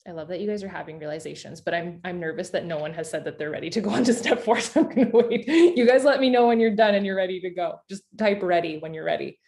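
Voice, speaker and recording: A woman leading a live online coaching workshop, talking in a chatty, animated way with lots of filler words. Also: on the low side, fast talker, vocal fry, hardly any pauses. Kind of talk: casual coaching talk to an online group.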